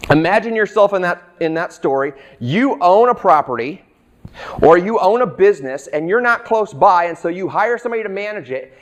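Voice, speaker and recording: Middle-aged man, high voice, chatty pastor delivering a sermon. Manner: conversational, acts out the characters' lines.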